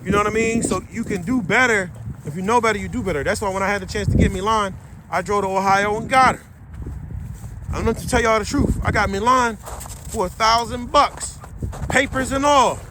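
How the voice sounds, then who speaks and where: A man's voice: sits high, a little fast. A middle-aged man, a dog breeder, giving blunt, slangy, preachy advice in an outdoor vlog rant. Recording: loud wind and boat noise.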